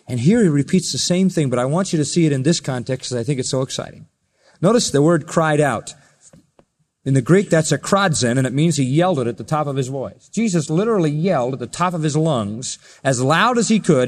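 A man preaching a sermon, telling the story with emphasis and swinging between loud and soft passages. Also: fairly high pitch, lively intonation, a little fast. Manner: storytelling, emphatic, rises and drops in volume. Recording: long reverb of a large hall.

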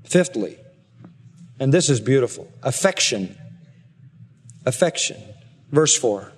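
Earnest preacher in an echoing hall. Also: male voice, medium pitch, big pitch swings. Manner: earnest preaching, slows and rises for emphasis. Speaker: pastor. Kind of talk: expository sermon. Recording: long reverb of a large hall.

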